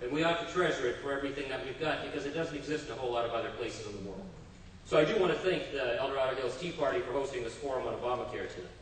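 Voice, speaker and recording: A man's voice: mid-range voice, racing, recorded from a distance, a little hiss or hum. Man speaking in an echoey hall. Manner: anecdotal, tells jokes with fillers. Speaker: congressional chief of staff giving a speech. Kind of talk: public forum speech. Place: public meeting hall.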